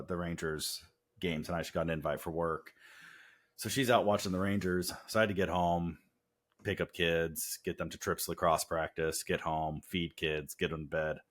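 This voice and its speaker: Casting note: a low-pitched man co-hosting a podcast, chatty and self-deprecating. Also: normal speed. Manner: animated, self-deprecating storytelling. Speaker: podcast co-host. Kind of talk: casual chat.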